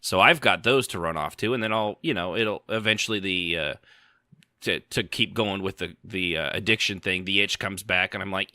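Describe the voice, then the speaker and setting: A man's voice: low-pitched, moderate pace, sharp tone, dry recording, clean studio sound. A man hosting a casual gaming podcast, rambling with many restarts and fillers. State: hiccups. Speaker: podcast host. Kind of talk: casual chat.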